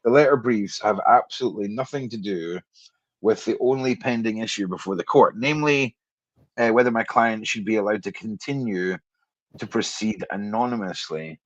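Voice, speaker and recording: A man's voice: on the low side, normal speed, dry recording, lo-fi sound. A man hosting a podcast who stumbles and laughs at himself while reading legal text aloud. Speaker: podcast host.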